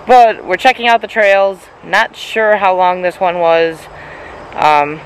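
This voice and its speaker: A man's voice: high voice, steady tone, slow, slight background noise, poor audio. A man hosting a casual vlog outdoors on a nature trail, easygoing and chuckling often between fillers. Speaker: vlogger.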